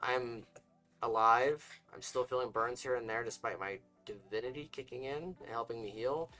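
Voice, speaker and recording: A man's voice: medium pitch, moderate pace, sharp tone, faint music behind, natural voice. A man voicing a tired, earnest young man in a read-aloud story. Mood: weary.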